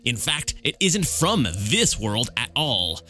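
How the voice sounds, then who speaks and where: A man's voice: medium pitch, very animated, slow pace, bright, forceful tone, soft background music, exaggerated voice. A man voicing a theatrical painted elf man with polished, showy speech.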